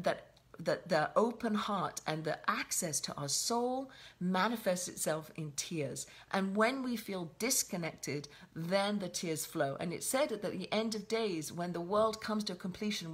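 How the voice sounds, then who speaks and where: A woman giving a reflective spoken Torah lesson on a weekly portion, often repeating and restarting her phrases. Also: fairly low pitch. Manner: reflective, with frequent restarts and repetition. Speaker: Torah teacher.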